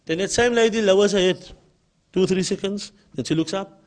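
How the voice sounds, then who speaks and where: A man's voice: sits high, a little fast, a little mellow. A man with a Cape Town South African accent giving an emphatic religious lecture and often repeating his key points. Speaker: Islamic lecturer.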